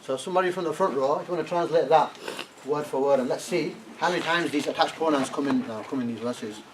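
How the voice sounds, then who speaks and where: An Arabic teacher leads a classroom lesson, repeatedly asking "yeah?" and prompting his students to translate. His voice is a little high and he talks fast, with a crowd audible behind him. It's a distant classroom recording with faint noise.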